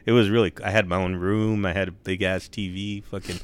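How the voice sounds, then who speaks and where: A young man in a relaxed chat who swears freely and keeps dropping dude and bro. His voice sits low and smooth, and the sound is close and dry. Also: fairly quick, no room sound. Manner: laid-back, swears a lot, says dude and bro. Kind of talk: casual storytelling chat.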